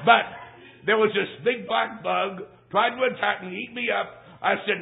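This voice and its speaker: A man preaching a sermon as a traveling evangelist, telling a funny childhood story in a folksy, animated way and bursting into shouts. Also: high voice, moderate pace, vocal fry. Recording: tinny phone-like lo-fi recording.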